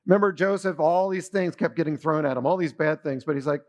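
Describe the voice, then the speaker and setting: A man's voice: high-pitched, quick pace, hardly any pauses. A middle-aged man preaching a sermon in a conversational way, often putting questions to his listeners. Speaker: pastor.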